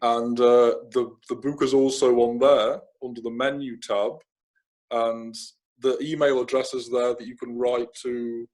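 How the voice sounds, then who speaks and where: This is a man from Germany talking casually as a guest in an interview. His voice sits in an ordinary middle pitch. He is reflective, circling back with restarts and fillers as he works through his ideas. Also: level tone, measured pace, a little mellow. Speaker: guest, spiritual author.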